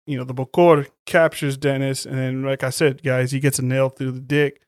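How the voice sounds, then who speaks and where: A man co-hosting a casual chat, retelling movie scenes in a profane, animated way. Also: mid-range voice, moderate pace, clean tone, dry recording, studio quality. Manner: profane, animated storytelling with quoted voices. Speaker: podcast co-host.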